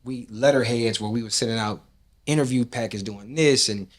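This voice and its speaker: A man's voice: medium pitch, moderate pace. A man from Nashville, a rap and R&B artist, telling stories from his life in a casual interview. He talks loosely, swears often and acts out what people said. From Nashville, Tennessee. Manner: loose, profane, animated storytelling with acted-out quotes.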